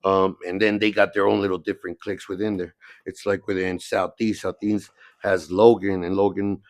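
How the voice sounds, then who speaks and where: Speaking at a moderate pace in a low voice with little pitch movement, this middle-aged San Diego–area man comes through without echo. He's a podcast guest spinning casual stories laced with heavy cursing, frequently adding "you know what I mean."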